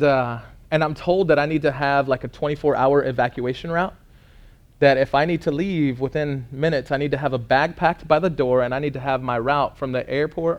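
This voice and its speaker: A man, preaching a storytelling sermon, earnest and dramatic, dropping to a hush for emphasis. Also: mid-range voice.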